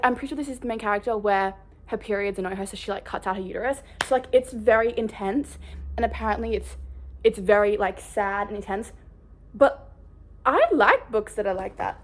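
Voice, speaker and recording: A woman vlogging in a casual, rambling way, bubbly and excitable. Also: mid-range voice, brisk. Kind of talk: casual chat.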